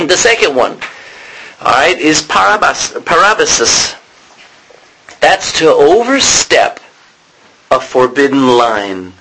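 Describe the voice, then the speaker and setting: A man teaching a sermon in a conversational way, often pausing to correct himself and clear his throat. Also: a little high, bright, forceful tone, a little hiss or hum, rough recording. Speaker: preacher.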